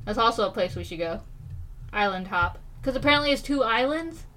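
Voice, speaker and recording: A young American woman in casual chat, acting out quoted lines with big pitch jumps. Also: animated, fairly quick, fairly bright tone, a little hiss or hum. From United States.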